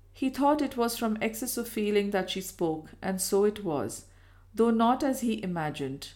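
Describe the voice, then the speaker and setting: This scripted narration of a Victorian novel comes from a female audiobook reader whose voice is mid-range. She tells the story in a measured, even way.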